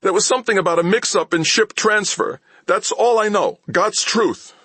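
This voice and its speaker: A man's voice: normal speed, sharp tone, no echo. A man doing a whimpering, terrified little thief. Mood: terrified pleading. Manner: high strained pleading, panicky. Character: small frightened male thief, whimpering and pleading. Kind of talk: audiobook character voice.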